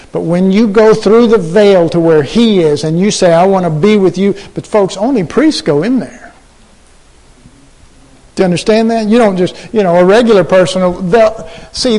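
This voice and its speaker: A man preaching a sermon, telling a story in an animated way and acting out the voices of the people in it. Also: high voice. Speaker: pastor. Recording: long hall reverb.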